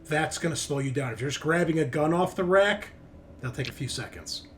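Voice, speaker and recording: A man running a tabletop game as game master, relaxed and joking, often pausing with fillers. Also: fairly high pitch, slight background noise.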